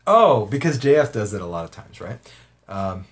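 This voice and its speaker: A man's voice: lowish voice, sing-song, normal speed. A man hosting a casual livestream, reading viewer comments aloud in a rambling way, often laughing and swearing.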